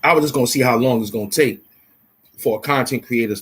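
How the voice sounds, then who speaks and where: A man, hosting his own channel and lecturing straight to camera in an impassioned, slangy rant from a warm indoor room. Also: medium pitch, fast talker, breathy edge. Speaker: YouTube host.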